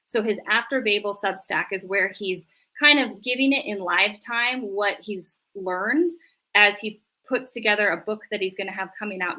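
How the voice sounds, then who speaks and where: A middle-aged family therapist with a medium-pitched, sharp voice chats animatedly in a casual interview. When she quotes people, she acts out their voices.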